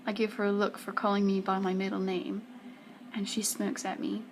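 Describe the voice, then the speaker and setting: A woman's voice: mid-range voice, flat delivery, normal speed, noisy background. A young woman reading her own first-person story aloud for a school project, sometimes dropping into whispers and stumbling now and then. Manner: slips into whispers, small stumbles. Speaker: student reader.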